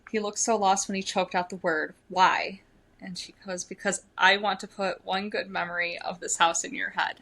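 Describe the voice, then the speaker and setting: A woman's voice: mid-range voice, flat delivery, moderate pace, gravelly, few pauses, bright, forceful tone, poor audio. A young woman co-hosting a book podcast, reading passages aloud and commenting on them between readings. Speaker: podcast co-host. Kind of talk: casual book discussion with read-aloud passages.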